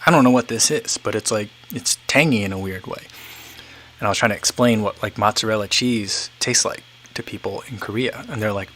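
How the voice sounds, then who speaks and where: A man's voice: fairly low pitch, fairly even intonation, brisk, fairly bright tone. A man in his thirties hosting a casual livestream, chatting loosely and reading viewer comments, rambling with many fillers and restarts. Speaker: livestream host.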